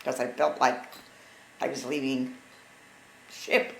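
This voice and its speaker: A woman in her sixties telling family stories in casual conversation, lively and acting out what others said. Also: a bass voice, slow pace, gravelly. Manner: animated, acts out quotes of others. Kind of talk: casual storytelling. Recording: echoey room with faint background noise.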